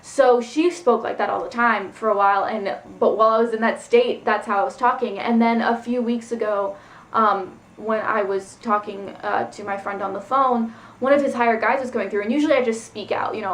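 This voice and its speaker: Woman vlogger, somewhat high voice, casual rambling story, echoey room. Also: normal speed. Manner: rambling, loose, full of "like" and "um". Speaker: spiritual vlogger. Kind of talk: casual personal storytelling vlog.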